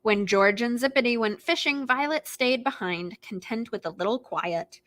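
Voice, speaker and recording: A woman librarian reading picture books aloud to preschoolers in an animated, expressive way, gasping and making animal noises. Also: fairly high pitch, moderate pace, a little hiss or hum. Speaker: children's librarian hosting storytime.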